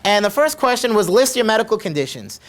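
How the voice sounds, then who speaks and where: A man's voice: high-pitched, sing-song, fast talker. A middle-aged man, a chiropractor, telling a patient story to camera in a conversational way and repeating his questions for emphasis. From United States.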